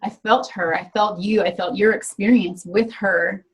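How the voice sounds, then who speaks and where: Husky, emotional woman in a workshop. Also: mid-range voice, steady tone, normal speed, low-quality recording. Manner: emotional, enthusiastic. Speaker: workshop participant. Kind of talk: casual chat.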